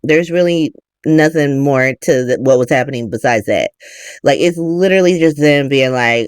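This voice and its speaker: A woman's voice: deep voice, a little slow, smooth, no echo, studio quality. A woman hosting a casual soap opera recap, swearing freely and speaking in a sarcastic, slangy way.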